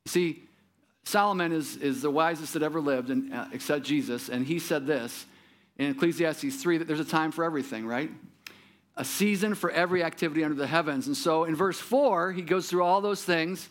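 A male pastor delivers a sermon in an easy, conversational way, pitched a little higher than most men. He keeps turning to the listeners with rhetorical questions and checks like "right?". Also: a little fast.

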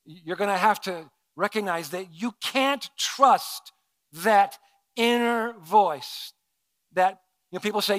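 High-voiced man preaching a sermon. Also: lively intonation, unhurried, dry recording. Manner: earnest, swings from soft to emphatic. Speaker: pastor.

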